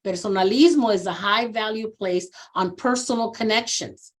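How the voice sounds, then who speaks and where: A woman in her sixties, a social worker being interviewed, who tells stories animatedly and earnestly, sometimes acting out what people said. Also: moderate pace. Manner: animated storyteller who acts out quoted voices with big pitch jumps; earnest and reflective on personal topics. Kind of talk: conversational interview, storytelling.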